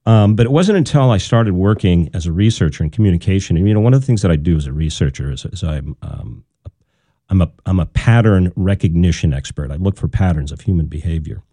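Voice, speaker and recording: A man's voice: deep voice, expressive, fast talker, dark tone, husky, no echo. A middle-aged man, a researcher in communication, speaking as a guest in a casual radio interview, thoughtful and loose with fillers and restarts.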